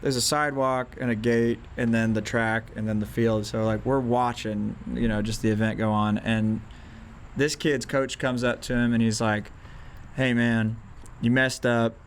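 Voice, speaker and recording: Young male guest, loose casual storyteller, slangy and lively, mid-range voice, faint background hiss. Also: mid-range voice, moderate pace. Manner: animated, acts out voices in anecdotes; relaxed, slangy. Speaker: guest musician.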